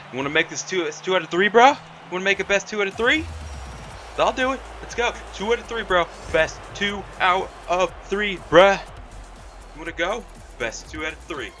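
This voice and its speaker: A young man giving excited, trash-talking commentary while playing a video game, tossing "man" and "mate" into nearly every line. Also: high voice. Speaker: gamer. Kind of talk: live gameplay commentary.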